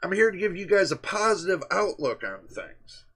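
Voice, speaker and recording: A man's voice: sits high, very animated, moderate pace, bright, forceful tone, breathy edge. A man hosting a tech live stream, talking straight to his chat in an emphatic, repetitive way. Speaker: livestream host. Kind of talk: casual livestream chat.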